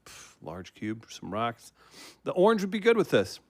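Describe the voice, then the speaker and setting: A man's voice: medium pitch, wildly swooping pitch, no room sound, studio quality. Upbeat man hosting a livestream. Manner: upbeat, quick, laughs a lot. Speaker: host. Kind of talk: livestream hosting, casual chat.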